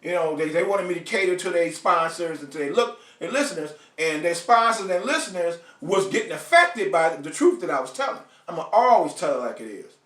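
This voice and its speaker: A man's voice: a little high, lively intonation, brisk, hardly any pauses, a bit bright, roomy sound, recorded from a distance. A man hosting a live online show, ranting bluntly and profanely to his viewers and calling out to them by name. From United States. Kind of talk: ranting live stream monologue.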